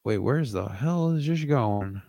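A young man from Philadelphia hosting a casual sports livestream, rambling and answering his chat, jumping between loud outbursts and low mutters. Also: expressive, unhurried, creaky, no echo. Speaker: livestream host.

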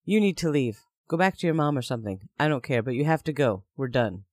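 A man's voice: mid-range voice, expressive, fast, dry recording, studio quality, natural voice. A man reading the lines of a volatile young man who speaks in a curt, cutting way. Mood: cold. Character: cold, volatile young man turning on his partner.

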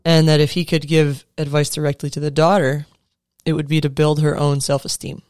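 Earnest thirty-something male coach, even tone. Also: fairly high pitch, fairly quick, smooth, no echo, clean studio sound. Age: 30s. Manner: earnest and conversational, with casual fillers and restarts. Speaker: sports coach speaking to fellow coaches. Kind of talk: motivational talk.

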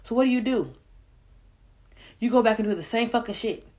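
A woman's voice: on the high side, a little fast, darkish tone, a little hiss or hum. A woman giving a casual, heated rant about a documentary she watched, swearing often and repeating herself for emphasis. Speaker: commentator reacting to a documentary.

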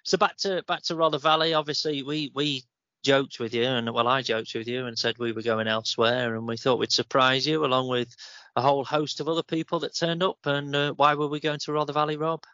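A man's voice: mid-range voice, steady tone, a little fast, bright, forceful tone, no room sound. Man, podcast chat, chatty and rambling, dry, muffled recording. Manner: rambling, chatty, laughs easily. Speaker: podcast co-host. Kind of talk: casual chat. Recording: dull, dry lo-fi sound.

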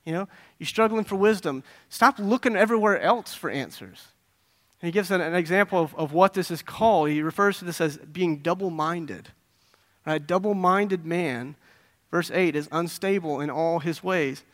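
Lively high-voiced male preacher. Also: moderate pace. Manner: animated storytelling, acting out voices, asking the audience questions. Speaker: pastor. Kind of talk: sermon.

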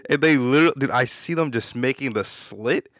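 A man in a casual comedic chat, telling stories in an animated way and breaking into laughter. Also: mid-range voice, a little fast. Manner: animated storytelling, bursts into laughter.

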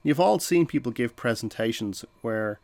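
A man's voice: medium pitch, animated, normal speed, darkish tone. Casual male podcast host explaining things. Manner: conversational, uses fillers and restarts, acts out short phone exchanges.

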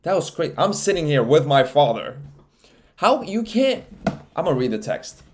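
A young man hosting a casual solo podcast, rambling with lots of swearing and frequent laughter, getting loud and animated when he gets worked up. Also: a little high, moderate pace. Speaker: podcast host.

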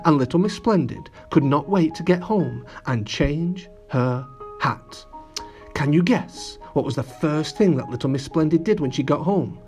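A man reading a children's story aloud and chatting warmly to the boys and girls listening, with lots of animated emphasis. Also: a little high, a little slow, faint music behind. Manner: lively, addressing children directly.

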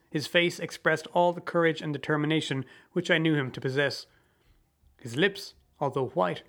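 A male narrator with a slightly raised voice reads a story aloud. His delivery is measured and theatrical, with a dramatic audiobook feel. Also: fairly high pitch, a bit bright.

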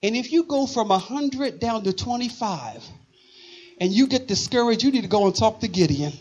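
Tired male preacher, very high voice, impassioned rhythmic delivery at a live service. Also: expressive, moderate pace, darkish tone, slight background noise. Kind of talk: sermon.

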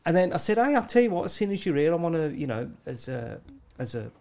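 Sweary Black Country storyteller. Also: male voice, fairly high pitch, big pitch swings, fast talker, creaky, a little mellow. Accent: Black Country English. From Black Country, England. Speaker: podcast co-host. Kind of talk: casual chat.

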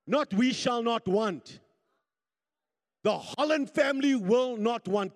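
High-voiced man preaching in an echoing hall. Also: slow pace, pauses often. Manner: call-and-response preaching, urging the congregation to repeat; rising to shouts at peaks. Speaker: pastor. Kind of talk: sermon. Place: church hall. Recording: long hall reverb.

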